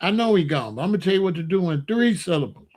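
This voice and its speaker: Talking fast in a high, expressive and slightly mellow voice, a man gives his listeners offhand, teasing advice about relationships. He's an online talk host, and his style is casual and heavy on slang.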